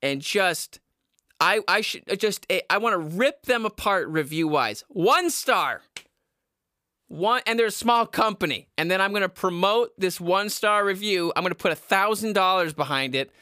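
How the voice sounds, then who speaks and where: A man's voice: high-pitched, animated, moderate pace, pushed and bright, no echo, clean studio sound. A man hosting his own podcast, ranting in a profane, exasperated way with self-mocking laughs, recorded in a basement at home. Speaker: podcast host. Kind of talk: casual ranting monologue.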